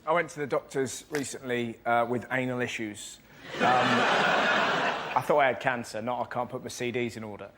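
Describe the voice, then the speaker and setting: A man doing an animated stand-up routine in a TV studio, shouting his punchlines. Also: mid-range voice, moderate pace, very noisy. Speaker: comedian. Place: TV studio with a live audience.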